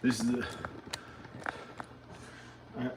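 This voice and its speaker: A man vlogging at home, muttering slowly and quietly to himself. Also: echoey room, distant mic, background noise. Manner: slow, low muttering to himself. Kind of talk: rambling self-filmed vlog. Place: his house, indoors.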